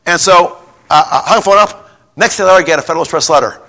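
Here a middle-aged pastor with a fairly high, creaky voice preaches quickly. His sermon is folksy and rambling, built around a personal story, full of repeated words and climbing to a shout when he's stirred.

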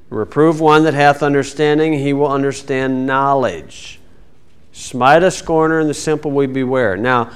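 A middle-aged man teaching a Bible lesson in a folksy, wry way, reading verses slowly and then speeding up. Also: mid-range voice, smooth. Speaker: preacher.

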